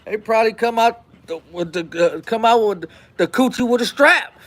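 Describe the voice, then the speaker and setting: A man with a strikingly high voice tells a story to his show's audience. He talks casually and animatedly, acting out what others said and repeating lines for effect. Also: moderate pace, fairly bright tone. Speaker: host telling a story.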